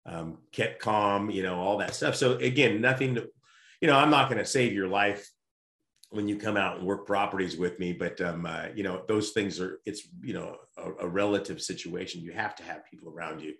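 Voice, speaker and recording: A man telling a lively personal story in a casual chat, often restarting his sentences. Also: low voice, normal speed, gravelly. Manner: animated storyteller, frequent restarts. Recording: roomy echo.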